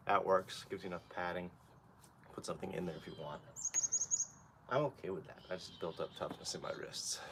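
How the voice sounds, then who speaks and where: A man coaching a kettlebell workout live while exercising. He talks casually and often drops to a quiet, half-whispered level with no microphone. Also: low voice, slight background noise. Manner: casual, rambling coaching talk. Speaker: fitness coach. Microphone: no microphone, camera picks up from a distance.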